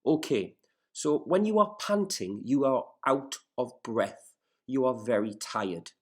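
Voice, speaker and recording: A man's voice: mid-range voice, lively intonation, darkish tone. Male teacher going over a story for class, patient and careful, explains every word. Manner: patient, explains words step by step; careful, measured classroom delivery. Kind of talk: recorded remote lesson, reading a story aloud and explaining.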